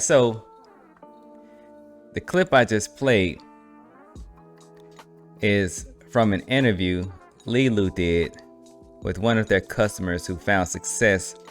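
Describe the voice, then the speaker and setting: A man hosting an online talk episode, explaining in a relaxed, conversational way and often asking "right?". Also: lowish voice. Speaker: host. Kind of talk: casual explanatory talk to camera.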